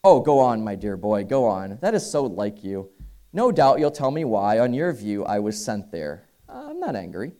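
A man's voice: fairly low pitch, huge pitch swings, moderate pace, mellow. A man voicing a condescending, pompous theologian who patronizes an old friend.

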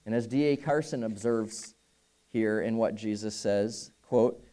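Emphatic man preaching, mellow tone. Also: medium pitch. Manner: earnest, emphatic preaching with rising bursts of intensity and rhetorical questions. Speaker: pastor. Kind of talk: sermon.

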